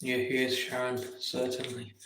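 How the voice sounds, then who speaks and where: A man's voice: medium pitch, monotone, normal speed, fairly bright tone, reverberant, slight background noise. An English man hosting a late-night live stream from home, chatting casually and answering viewer comments, with mock-exasperated outbursts. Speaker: livestream host.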